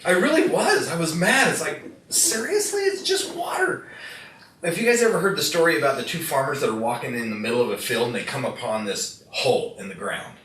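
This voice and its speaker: A man with a medium-pitched, fairly bright voice speaks quickly and expressively with few pauses, running a live product demo for an audience in an indoor room. He is a folksy storyteller who tells tales and quizzes the crowd. The recording is echoey, with a distant mic and faint noise.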